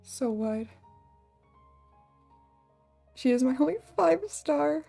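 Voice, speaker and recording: A woman's voice: high voice, animated, slow pace, creaky, long pauses, darkish tone, soft background music. A woman streamer chatting casually and rambling while she plays a game, laughing often. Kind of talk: casual gaming livestream chat.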